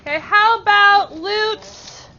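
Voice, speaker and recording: High-voiced teacher, slow and clear. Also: female voice, background noise. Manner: upbeat, encouraging, slow and clear. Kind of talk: classroom teaching. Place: school classroom. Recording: muffled classroom audio with chattering kids.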